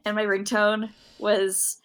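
A woman's voice: medium pitch, monotone, slow pace, a bit bright, slight background noise. A young adult woman co-hosting a podcast, telling rambling stories full of fillers in casual chat. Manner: rambling, filler-heavy storytelling. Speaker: podcast co-host.

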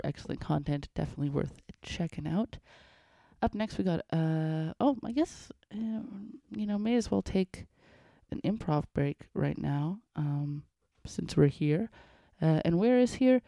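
Low, gravelly, mellow-voiced woman. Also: expressive, a little slow, no echo. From Canada's Northwest Territories. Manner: rambling, hesitant, full of fillers. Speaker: musician hosting a show. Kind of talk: casual solo show talk.

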